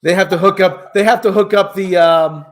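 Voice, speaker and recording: A man's voice: sits high, fairly even intonation, moderate pace. A man hosting a casual comedic podcast, riffing and mocking characters in put-on voices. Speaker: podcast host.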